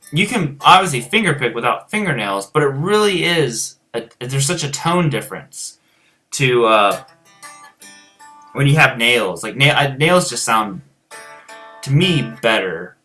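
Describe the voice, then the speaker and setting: Bright-voiced American man, rambling. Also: medium pitch, animated, a little slow, pauses often, faint music behind. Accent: rural American. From United States. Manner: rambling, many fillers and restarts. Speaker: guitar teacher and show host. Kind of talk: casual chat answering viewers.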